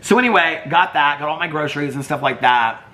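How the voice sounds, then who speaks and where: A man's voice: on the high side, fairly quick, sharp tone. A man vlogging casually, rambling through a story with lots of fillers and quoted dialogue.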